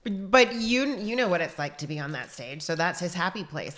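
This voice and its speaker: A woman's voice: on the low side, moderate pace, noisy background. A woman co-hosting a casual podcast chat who chimes in supportively.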